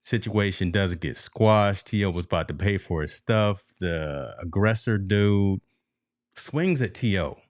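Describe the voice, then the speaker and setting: A man's voice: sits low, lively intonation, unhurried, no echo, studio quality. A man co-hosting a casual sports talk show, telling stories animatedly and addressing the listeners as folks. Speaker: podcast co-host.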